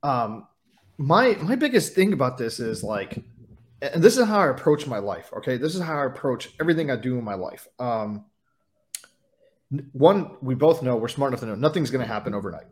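A male podcast guest who makes his points bluntly, with strong emphasis and free swearing. His voice sits at an ordinary middle pitch for a man, and the talk stays conversational. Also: animated, a little fast.

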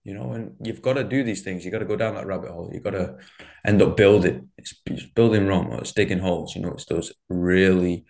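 A man's voice: low voice, gravelly, darkish tone. Blunt swearing man. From northern England. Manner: blunt, heavy swearing, fired-up. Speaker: podcast host and CrossFit coach. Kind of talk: casual podcast conversation.

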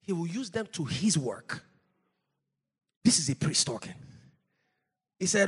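Husky, fiery preacher man. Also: sing-song, unhurried, pauses often. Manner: impassioned preaching, swinging between low intensity and loud shouting; speaks in tongues between points. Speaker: pastor. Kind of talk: sermon.

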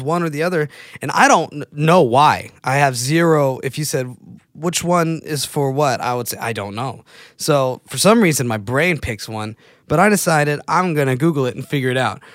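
A man's voice: fairly high pitch, fairly bright tone, no echo, clean studio sound. A man chatting casually to his viewers, rambling and laughing at his own mistakes. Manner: self-deprecating, rambling, laughs at himself. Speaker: vlogger. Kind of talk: casual chat to camera.

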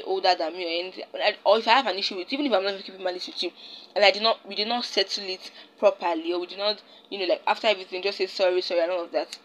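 Rambling Nigerian woman, lowish voice. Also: a bit bright, a little hiss or hum, low-quality recording. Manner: rambling, searches for words and restarts often. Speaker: podcast host. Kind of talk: casual solo podcast monologue.

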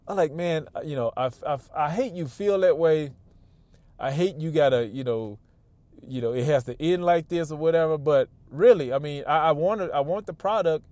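A man's voice: fairly high pitch, darkish tone, dry recording. A man telling a personal story in a casual, chatty way, often restarting and repeating words as he goes.

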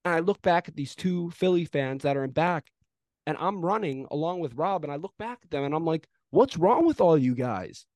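A young man co-hosting a casual sports podcast, telling an animated, profane story and throwing in mock home-run calls. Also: a little high, brisk, no room sound. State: arm in a sling after shoulder surgery. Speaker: podcast co-host.

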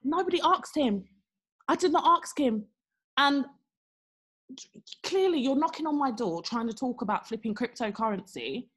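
A woman's voice: high voice, normal speed, pauses often, slightly rough. A young woman, co-hosting a podcast and telling a story in casual chat, acting out the people she quotes. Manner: animated, acts out quotes with exaggerated voices. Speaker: podcast co-host.

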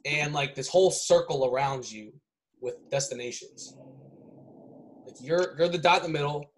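A man with a slightly high voice lays out his ideas slowly and loosely. He repeats phrases and keeps checking in with the listener, full of fillers, in a relaxed podcast chat. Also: poor audio. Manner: rambling, repeats himself, many fillers like "like" and "right?". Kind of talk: casual chat.

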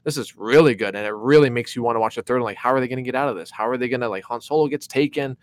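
A man's voice: mid-range voice, racing, clear, resonant tone, no room sound. Male co-host, loose casual rants, curses often, acts out quotes, dry close sound. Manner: animated, swears freely, acts out quotes. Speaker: podcast co-host. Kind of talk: casual chat.

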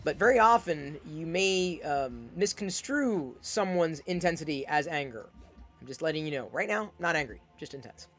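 A woman with a fairly low voice talks with intensity and volume, projecting easily. She stumbles over repeated words as she pushes her point forward. Soft music plays faintly in the background. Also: expressive, moderate pace. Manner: intense, emphatic, repeats words when starting sentences; loud and projecting. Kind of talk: advice monologue.

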